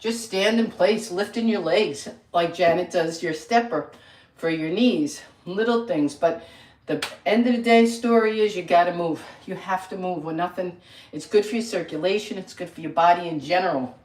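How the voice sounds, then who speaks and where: A woman's voice: on the low side, moderate pace, a little mellow. Older lady rambling on a home live stream, counting reps, voice kinda far off in a roomy space. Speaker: lifestyle channel host. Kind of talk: casual live-stream chat. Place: home room with a mirror. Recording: echoey room, voice from a distance.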